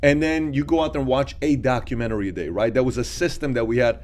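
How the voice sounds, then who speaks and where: A man's voice: mid-range voice, fast talker, darkish tone. A middle-aged man co-hosting a podcast, thinking aloud in a casual discussion and often restarting his sentences. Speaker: podcast co-host.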